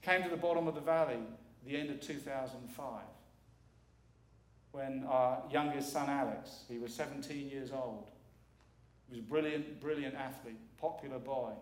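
A middle-aged man with a mid-range voice preaches as a guest in a church sanctuary, speaking at a normal speed and pausing often. His earnest, emphatic sermon uses repetition for weight, and the recording echoes through the hall.

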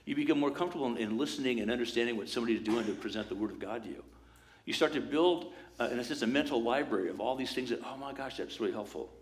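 Guy pastor giving a sermon, chatty and lively, mid pitch. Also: rapid-fire. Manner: lively, conversational, acts out quoted voices.

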